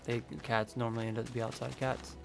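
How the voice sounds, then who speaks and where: A man's voice: mid-range voice, little pitch movement, fast, creaky, music in the background. A man live-streaming a building game, thinking aloud in a rambling, casual way.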